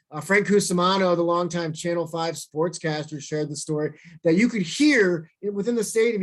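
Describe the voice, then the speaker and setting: A man from St. Louis giving a storytelling talk, animated and self-deprecating, acting out quoted lines in bursts. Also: high-pitched. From St. Louis, USA.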